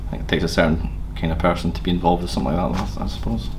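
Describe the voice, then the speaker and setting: A man, a snooker player, giving short, dry, understated answers to quick-fire questions. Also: low-pitched, fairly even intonation, darkish tone, slight background noise.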